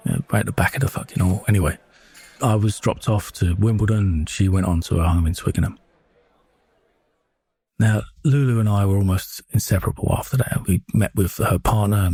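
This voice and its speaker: A man's voice: lowish voice, warm tone, breathy edge, no echo. A man telling his own story off the cuff, blunt and profane, often stopping to correct himself. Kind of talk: unscripted storytelling monologue.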